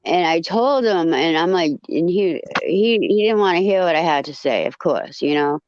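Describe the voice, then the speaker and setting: A woman telling a story in casual chat, blunt and profane, with animated retelling. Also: lowish voice, normal speed, dull audio.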